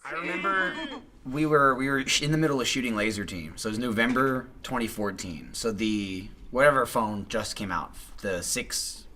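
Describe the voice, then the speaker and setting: A man on a podcast, telling a story in casual chat with animated delivery. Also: medium pitch, moderate pace, slight background noise. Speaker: podcast host.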